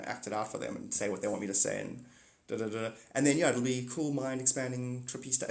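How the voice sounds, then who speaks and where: A man hosting a casual livestream, rambling excitably, swearing freely and cutting himself off mid-thought. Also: medium pitch, reverberant. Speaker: livestream host.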